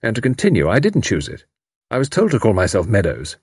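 A man's voice: fairly low pitch, huge pitch swings, fairly quick, breathy edge, no echo, heavily acted. Man doing a gloomy, dry-witted young man. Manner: dry, sceptical, grave.

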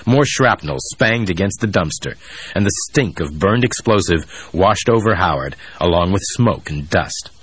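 A male audiobook narrator reading a thriller in a steady, even way. His voice is deep and slightly husky. It is recorded close on a studio mic and sounds dry, with no room echo. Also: normal speed.

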